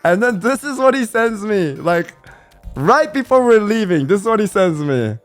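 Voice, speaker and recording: A man's voice: high-pitched, normal speed, faint music behind. A young man from California, a streamer, telling stories from a trip in a casual, slangy way, swearing now and then and imitating his friends. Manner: animated, slangy, swears, mimics friends in quotes. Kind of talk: casual storytelling vlog.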